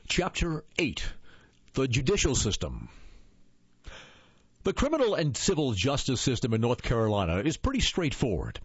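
Husky guy from iowa reading his memoir, lively up and down pitch, dry dull recording. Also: normal speed, long pauses. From Iowa, USA. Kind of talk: audiobook memoir narration.

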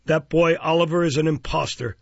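A man voicing a kind-hearted old gentleman who speaks sternly and commandingly in a storybook reading. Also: fairly high pitch, steady tone, brisk, gravelly, no room sound, muffled recording, voice pushed up.

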